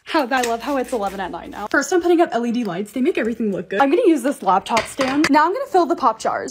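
A woman's voice: fairly high pitch, noisy background. A young adult woman narrating her cleaning and organizing vlog in a casual voice-over, gushing and bubbly with self-mocking asides. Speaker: lifestyle vlogger.

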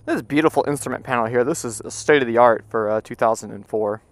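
A man riding a motorcycle and talking through a helmet mic, rambling and cursing, sometimes breaking into loud shouts. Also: mid-range voice, quick pace, hardly any pauses, a little hiss or hum. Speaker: motorcycle vlogger. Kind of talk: casual ride commentary. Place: on a motorcycle outdoors. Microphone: helmet Bluetooth mic while riding.

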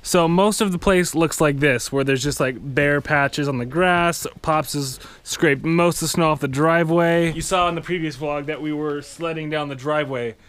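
A woman's voice: deep voice, normal speed, few pauses. A young woman vlogging a snowy day outdoors, chatting casually to a handheld camera and laughing often. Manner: chatty, laughs often, cheers loudly while sledding. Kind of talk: casual family vlog. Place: outdoors in snow.

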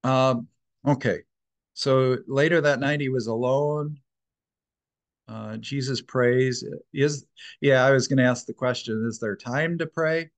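Man, Bible study leader, conversational, loose, restarts his sentences, mid-pitched voice. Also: unhurried, rough recording. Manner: informal, thinks aloud with fillers and restarts. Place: church.

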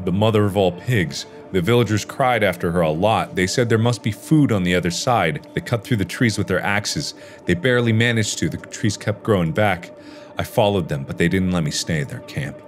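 A man voicing a huge mutated masked boy who pleads softly to be allowed to stay. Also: low-pitched, normal speed, soft background music, close to an everyday voice. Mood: sad. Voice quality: distorted, resounding childlike voice.

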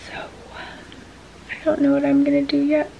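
A woman's voice: high-pitched, completely flat delivery, moderate pace, creaky, mellow, lo-fi sound, slight background noise. A woman venting frustration in a casual talking-to-camera vlog, with lots of ums. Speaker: vlogger sharing a medical experience.

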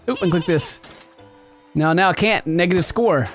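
A man giving excited let's-play commentary, giggling, yelping and shouting as he plays. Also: sits high, moderate pace, pauses often, faint music behind. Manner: giggly, exclamatory, yelps and shouts. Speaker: gaming video host.

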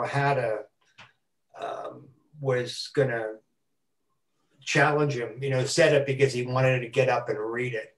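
An older man giving a talk on a video call, speaking haltingly and repeating words as he stutters. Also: mid-range voice, roomy sound, distant mic. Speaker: guest speaker.

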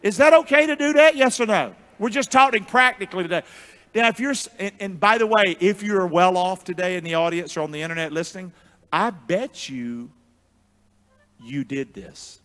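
A man preaching a sermon as pastor, with call-and-response, booming shouts and hushed asides. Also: moderate pace. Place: church sanctuary.

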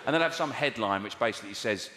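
A middle-aged man doing a stand-up comedy routine, sardonic and wry, recorded live in a venue. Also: fast. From England. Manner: wry, sardonic delivery with lively swings in pitch. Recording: reverberant live venue with faint audience noise.

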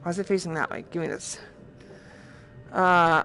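A woman with a Boston accent giving casual, profane, excitable commentary while playing a VR game. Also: on the low side, moderate pace, pauses often. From Boston, USA. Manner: profane, excitable, thinking aloud. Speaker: VR game streamer. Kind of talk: casual let's-play commentary.

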